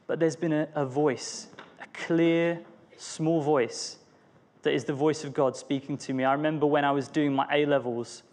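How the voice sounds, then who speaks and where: A young man, speaking earnestly as a church speaker, telling a personal story in a reflective sermon. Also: fairly high pitch. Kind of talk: personal testimony within a sermon.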